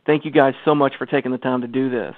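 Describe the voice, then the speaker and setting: A man's voice: medium pitch, steady tone, quick pace, no echo. A man hosting a radio interview, enthusiastic and laughing easily in casual chat. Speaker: radio show host. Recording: tinny phone line.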